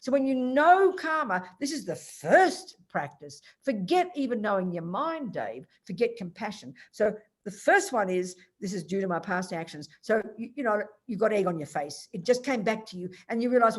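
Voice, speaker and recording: A woman's voice: medium pitch, sing-song, moderate pace, few pauses. An older woman, a Buddhist teacher, giving a direct, emphatic dharma teaching over a video call. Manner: direct, emphatic, explains point by point.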